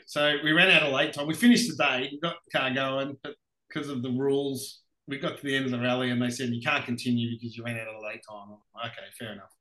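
Aussie bloke spinning racing yarns, bright forceful voice, echoey room, laughs a lot. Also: male voice, medium pitch. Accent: Australian. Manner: animated anecdotes, laughs often. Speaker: podcast guest, racing driver. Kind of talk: casual storytelling interview.

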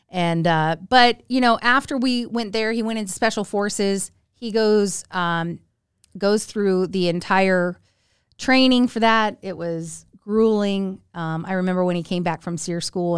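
Lady in her 40s chatting, smooth clear voice, dry close sound, acts out quotes all over the place. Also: a little slow, no echo. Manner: animated, acts out quoted voices with big pitch jumps. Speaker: podcast guest. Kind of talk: casual storytelling.

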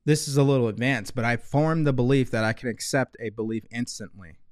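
A man hosting a live motivational talk, earnest in manner, slowly repeating gratitude affirmations. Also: medium pitch, dry recording, studio quality. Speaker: motivational host. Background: loud relaxing music.

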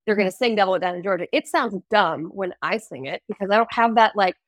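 A woman's voice: medium pitch, fast talker, dry recording. A woman musician, a podcast guest, telling stories in casual chat with many fillers, heard over a remote call. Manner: animated storyteller, many "like" fillers.

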